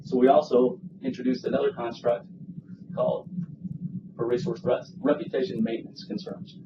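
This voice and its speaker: A man's voice: mid-range voice, flat delivery, moderate pace. A man giving an academic job talk and answering questions in a seminar room, explaining earnestly with small restarts. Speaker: job candidate presenting research. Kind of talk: academic presentation with Q&A. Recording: distant, dull lo-fi with room noise.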